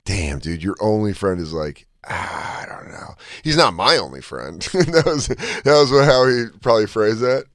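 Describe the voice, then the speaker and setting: A comedian with a lowish voice that swings widely in pitch, caught dry and close. He riffs and slips into acted-out voices, and his delivery stays animated throughout. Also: normal speed, hardly any pauses, dry recording. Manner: animated riffing, acts out voices. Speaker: comedian, podcast co-host. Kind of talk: casual comedic chat.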